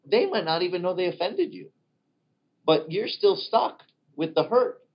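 Lively male preacher, lo-fi sound. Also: high-pitched, measured pace. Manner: animated, acts out quoted voices. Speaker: pastor. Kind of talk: sermon. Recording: dull lo-fi recording.

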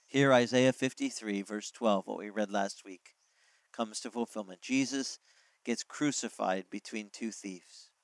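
A man's voice: on the low side, unhurried, no room sound, low-quality recording. A man preaching a sermon as pastor, explaining scripture in a conversational way, asking the congregation questions and acting out quoted lines.

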